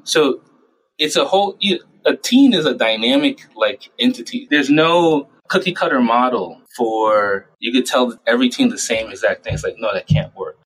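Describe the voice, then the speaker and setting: A young adult man, a child psychiatrist, giving conversational interview answers and acting out parents and himself in quick little voices. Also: medium pitch, fairly bright tone, husky, poor audio. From United States.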